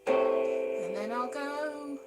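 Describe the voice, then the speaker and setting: A woman's voice: high voice, extremely slow, loud music behind the voice. A middle-aged woman chatting casually on her own to camera, rambling and playful, sometimes slipping into sing-song asides. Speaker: vlogger. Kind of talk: casual solo chat to camera.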